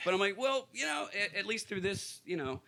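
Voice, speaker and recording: A man's voice: high-pitched, sing-song, a little fast, gravelly, pushed and bright. A man from Kentucky, a podcast guest, telling stories in a casual chat, laughing often and restarting his sentences. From Louisville, Kentucky, US.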